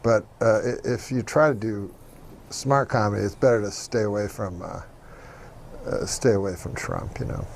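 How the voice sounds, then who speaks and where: A man's voice: fairly low pitch, moderate pace, slight background noise. A man talking casually in an interview, hesitant with lots of filler. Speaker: comedian guest.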